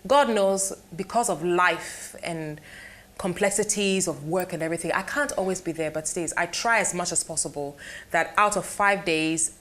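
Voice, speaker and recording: A woman's voice: fairly low pitch, normal speed. A Ghanaian woman, a guest chatting in an interview, telling stories and acting out the voices of people in them. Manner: animated storyteller acting out quoted voices. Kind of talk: casual interview chat.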